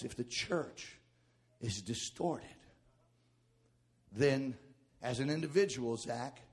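A pastor delivers a sermon from the pulpit. His voice sits a little high for a man. He drops to near-whispers and then surges into ringing shouts. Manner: swings from hushed to shouting.

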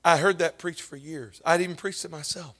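A man preaching a sermon as pastor, swinging from hushed whispers up to shouted, tearful peaks. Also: fairly high pitch, fairly even intonation, a little fast.

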